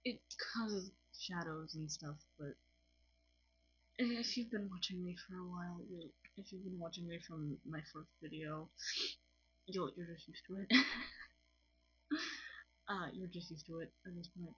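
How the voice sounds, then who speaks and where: A woman with a French accent gives a casual lesson to camera at home, sounding tired and apologizing often. She talks slowly in a lowish voice, giggling and restarting her sentences. The recording is dull and lo-fi, with faint music behind her. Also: steady tone, a bit bright. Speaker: language teacher on her own channel. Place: home room with colored lights.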